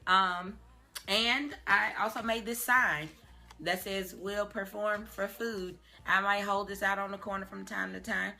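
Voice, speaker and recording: A young woman with a Southern US accent, an actress and singer chatting casually to the camera in an animated way, dropping "y'all" and "child". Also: mid-range voice, unhurried, vocal fry.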